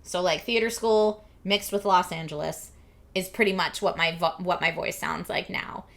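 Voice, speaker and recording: A woman's voice: lowish voice, fairly even intonation, normal speed, creaky, a bit bright. A woman in her thirties from the Philadelphia area, chatting casually and animatedly with her stream viewers, laughing often and saying "like" a lot. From Philadelphia and New Jersey area.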